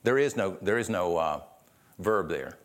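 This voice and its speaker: A man's voice: deep voice, lively intonation, a little slow. A man preaching a sermon, earnest, often restarting and repeating words and asking rhetorical questions. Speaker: pastor.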